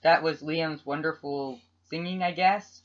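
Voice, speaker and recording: Teasing deadpan man, lo-fi podcast. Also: fairly high pitch, unhurried. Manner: teasing, deadpan absurd jokes. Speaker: podcast co-host. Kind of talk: casual joking chat. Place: home room at a computer. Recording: dull lo-fi home computer mic.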